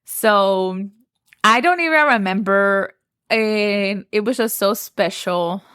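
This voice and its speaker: A young woman from Texas tells a story on her podcast, gushing and full of "like". Her voice sits at a middle pitch. The close mic gives a dry sound no room in it. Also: takes it slowly, fairly bright tone, clear, resonant tone, dry recording. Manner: chatty, gushing, says "like" often. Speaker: podcast host. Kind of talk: casual storytelling.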